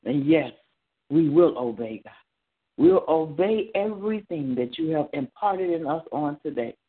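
A man leads a morning prayer with the fervor of a sermon, repeating his phrases and pushing his voice up into cries. His voice sits a little high and swings widely in pitch. The sound comes through a thin, phone-like line. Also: big pitch swings, a little slow, gravelly. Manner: fervent, repetitive exhortation with rising cries. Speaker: preacher leading morning prayer.

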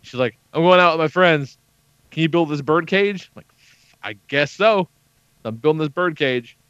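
A man's voice: a little high, normal speed, a bit bright, smooth, no room sound. A man in his thirties hosting a podcast, telling a story in casual, profane chat full of quoted dialogue. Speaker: podcast host. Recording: dull lo-fi podcast audio.

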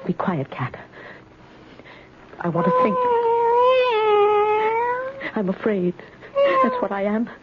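A frightened old spinster stammers and pleads, her voice swinging widely up and down. The sound is a dull old radio broadcast with steady hiss. Her talk to herself is hesitant and breathless with worry. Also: mid-range voice, slow, pauses often. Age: older. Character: frightened elderly spinster turned out of her house. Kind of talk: 1970s radio drama acting.

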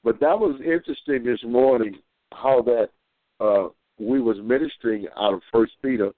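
Rambling minister on a phone line. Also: male voice, mid-range voice, moderate pace, dry recording. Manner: rambling, repeats himself, acts out voices. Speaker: minister calling in. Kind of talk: folksy storytelling and preaching. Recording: tinny dry phone line.

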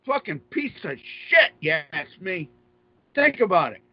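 Male radio host, very high voice, combative profane ranter, lo-fi sound. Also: big pitch swings, a little slow, dry recording. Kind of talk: ranting monologue. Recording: dull lo-fi dry audio.

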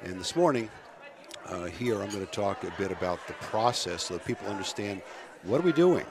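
Guest man with a cold, very deep voice, crowd chatter behind. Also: animated, background noise. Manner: thoughtful, halting explanations with restarts. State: coming down with a cold. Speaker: guest speaker, commission chair. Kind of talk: radio interview.

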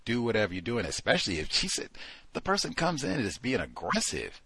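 A man's voice: mid-range voice, brisk, slightly rough, no room sound. A man hosting a talk show, commenting casually and acting out quoted voices. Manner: animated, acts out quoted voices. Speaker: podcast host.

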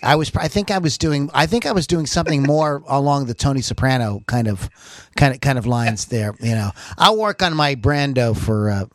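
A man's voice: mid-range voice, normal speed, no room sound, clean studio sound. A man hosting a podcast in a jokey, casual way, often stumbling and restarting his questions. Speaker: podcast host.

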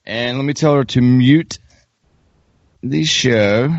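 A man's voice: medium pitch, slow pace, dry recording. A man with a Southern accent hosting a podcast, joking around and telling stories in casual chat. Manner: joking, animated storyteller. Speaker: podcast host. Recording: dull lo-fi dry sound.

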